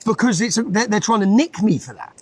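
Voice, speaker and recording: A man's voice: high voice, brisk, slight background noise. A man giving an interview, speaking emphatically, repeating his points and tagging them with a questioning "yeah?". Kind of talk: conversational interview.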